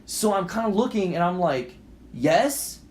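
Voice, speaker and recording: Young male co-host, lively and profane, acts out every scene; a bit high-voiced, recorded in an echoey room. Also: a little fast. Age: young adult. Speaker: podcast co-host. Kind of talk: animated story-telling chat. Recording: roomy echo.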